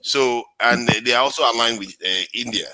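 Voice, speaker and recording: Bright-voiced male panel host. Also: medium pitch, brisk, a little hiss or hum, low-quality recording. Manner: hesitant, repeats words, pleading for calm. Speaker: show host moderating a panel. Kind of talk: live panel discussion, moderating.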